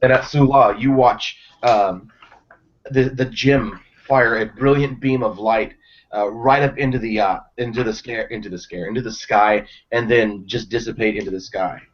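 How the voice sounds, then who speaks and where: A man narrating as game master of a tabletop game, relaxed and quick to laugh. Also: lowish voice. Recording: dull lo-fi sound.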